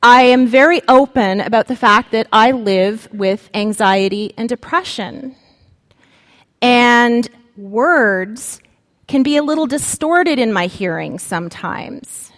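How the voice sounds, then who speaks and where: A woman preacher giving a sermon, speaking slowly and dramatically with long pauses. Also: a little high, expressive, big-room sound.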